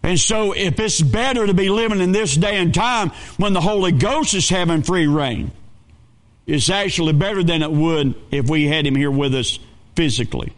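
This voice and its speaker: A man's voice: a little high, moderate pace. A man preaching a sermon, telling stories in a folksy way. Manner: storytelling preacher, folksy phrasing. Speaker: pastor.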